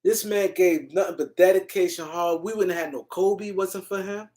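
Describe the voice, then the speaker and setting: A woman's voice: on the low side, fairly even intonation, normal speed, mellow. A woman hosting a live-stream sports show, ranting in a heated, argumentative way and repeating her points. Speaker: sports commentary host.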